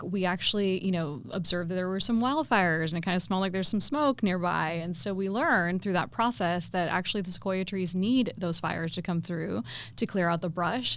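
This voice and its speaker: A woman who runs a company, an enthusiastic podcast guest who keeps calling things incredible. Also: on the low side. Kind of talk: podcast interview.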